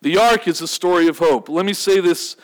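A high-voiced male pastor gives a sermon in a loose, chatty style. He jokes with the congregation and keeps asking rhetorical questions. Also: brisk, low-quality recording. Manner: conversational, humorous, rhetorical questions.

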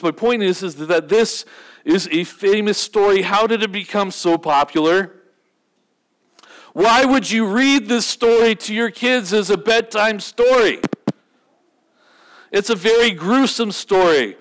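A high-voiced male pastor gives a sermon in a loose, chatty style. He jokes with the congregation and keeps asking rhetorical questions. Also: a bit bright, poor audio. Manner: conversational, humorous, rhetorical questions.

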